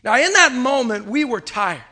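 A pastor in his thirties preaching to his congregation with a high, bright, ringing voice. He tells stories with a lot of energy, swinging from hushed asides to loud, punchy lines. He keeps asking the people in the room to repeat his words back to him. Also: moderate pace. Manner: animated, storytelling, swings between loud and soft; calls on the congregation to repeat phrases. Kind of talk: sermon.

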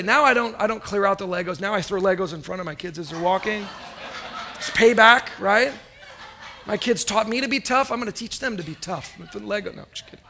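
A man in his thirties preaching a sermon as a pastor, telling stories in an animated, conversational way with asides. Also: high-pitched, vocal fry.

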